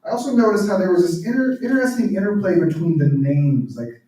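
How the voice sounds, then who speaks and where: A man with a mellow, slightly high voice gives an earnest, reflective church talk and sometimes sinks to a near-whisper. He sounds far from the microphone. Heavy echo fills the hall around him. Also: animated, brisk. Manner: earnest, drops to near-whispers on emotional points. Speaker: guest speaker and author. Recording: very echoey room, speaker far from mic.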